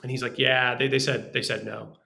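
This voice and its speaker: A man, a screenwriter guest on a podcast, telling animated stories about his work in a casual way. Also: medium pitch, a little fast, vocal fry. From Los Angeles. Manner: animated, restarts and acts out quoted voices.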